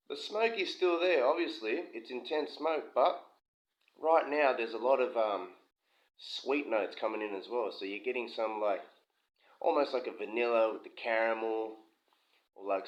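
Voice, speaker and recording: Chatty man in a kitchen. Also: on the low side. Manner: chatty, rambling, with asides. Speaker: whisky reviewer. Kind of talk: casual review chat. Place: home kitchen. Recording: dull lo-fi sound with slight room echo.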